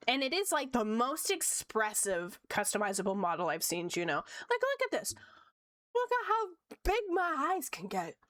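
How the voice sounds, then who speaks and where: A woman streamer with a fairly high voice chats casually, reading chat aloud and laughing often. She sounds close to the mic, with a dry, dead-sounding room. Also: a bit bright, no room sound. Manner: chatty, giggly, reads and answers chat.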